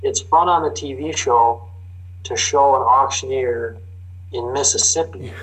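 A man's voice: medium pitch, fairly bright tone, rough recording. A middle-aged man with a Minnesota accent, drawing out his O's as a talkative interview guest telling stories. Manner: talkative storyteller, drawn-out O's. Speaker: guest, farm machinery reporter. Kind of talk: casual interview chat.

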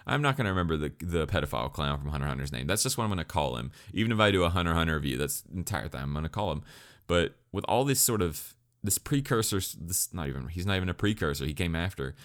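Low-voiced guy rambling thru an anime review, swears a lot, keeps restarting. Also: sing-song, quick pace, fairly bright tone. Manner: rambling, frequent restarts and stutters, profane. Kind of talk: casual spoken review.

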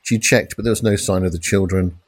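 Guy narrating a gritty crime thriller, lowish voice, dry close sound. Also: fairly even intonation, no echo. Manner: measured, dramatic crime reading with shouted police lines. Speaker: audiobook narrator. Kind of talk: scripted narration.

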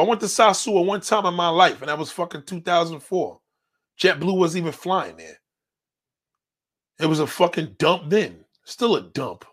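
A man's voice: sits high, animated, normal speed. A man hosting a show, reading viewer comments and answering them in a blunt, confrontational rant full of swearing. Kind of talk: profane ranting commentary.

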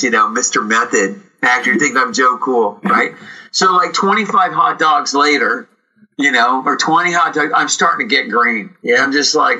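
A man, an actor, telling rambling, animated stories in an interview, with many fillers and restarts. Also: mid-range voice, moderate pace, husky, rough recording. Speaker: actor, guest. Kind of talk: casual storytelling interview.

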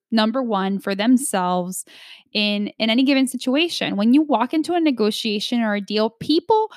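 Emphatic woman coaching negotiation, fairly high voice. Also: dry recording, clean studio sound. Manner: emphatic, coaching, frequent "right?" tags. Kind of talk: instructional talk to an audience.

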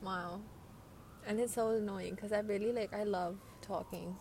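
A woman's voice: medium pitch, fairly even intonation, normal speed, creaky, warm tone. Congested young woman host, loose slangy podcast ramble, faint hiss behind. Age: teens. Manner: rambling, slangy, swearing, giggly. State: congested from a cold. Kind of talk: casual late-night monologue. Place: by a window at night.

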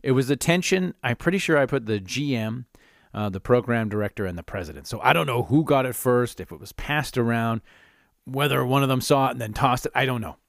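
A man's voice: medium pitch, expressive, a little fast, gravelly, no echo. Middle-aged guy talking into his podcast mic, voice bouncing all over, dry close sound, laughs at his own stories. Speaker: podcast host. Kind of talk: casual monologue.

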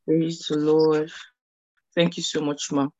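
A woman pastor on a video call thoughtfully reflecting on a sermon, measured and using fillers. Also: low-pitched, level tone, a little mellow. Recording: dull lo-fi video call audio.

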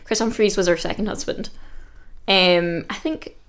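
A woman, chatting casually on a podcast as she retells a reality show episode in a lively, giggly way. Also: medium pitch, unhurried. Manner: animated storyteller, giggly, acts out the quotes.

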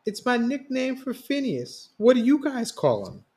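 A man's voice: extremely high pitch, very animated, a little slow, mellow, voice pushed up, full character voice. A man reading a story voices a young woman who teases lightly and asks a puzzled question. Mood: teasing. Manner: light, teasing. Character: young woman, playful and amused girlfriend.

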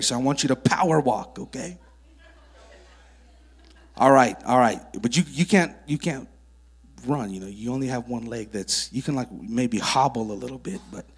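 A male preacher speaking to children in a church sanctuary. He tells his stories vividly and draws kids up on stage as volunteers. His voice sits at an ordinary middle pitch. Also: normal speed, long pauses, breathy edge. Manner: animated storyteller who works with child volunteers. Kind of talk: sermon with testimony stories.

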